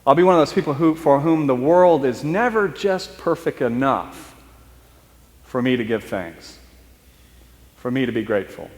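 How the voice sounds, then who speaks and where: Guy priest telling a story in a sermon, chatty and halting, mid pitch, church reverb. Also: animated. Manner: conversational, halting restarts, speeds up and slows for emphasis.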